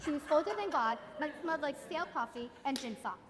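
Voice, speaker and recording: A young woman narrates a school stage play in a wry storytelling voice, talking straight to the audience. Her voice is fairly high. It carries through an echoey auditorium, picked up from a distance. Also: expressive, fast, fairly bright tone. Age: young adult.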